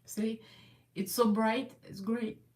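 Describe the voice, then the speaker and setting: Her voice on the high side and a little mellow, a Russian American makeup livestream host speaks slowly in a steady tone. The casual live chat is rambling and full of laughter, recorded in an echoey room with her slightly far from the mic.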